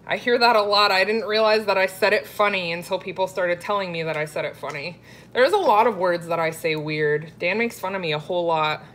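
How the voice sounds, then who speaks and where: Chatty woman cooking vlogger, lowish voice. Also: a little fast, fairly bright tone. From Florida. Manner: chatty, reads viewer comments aloud. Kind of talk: casual live-stream chat.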